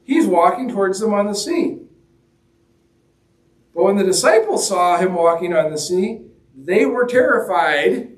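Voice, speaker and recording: A man's voice: high-pitched, animated, measured pace, pauses often. A man preaching a sermon in a conversational, joking way, acting out the quoted lines as he goes. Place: church hall. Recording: roomy echo, mic at a distance.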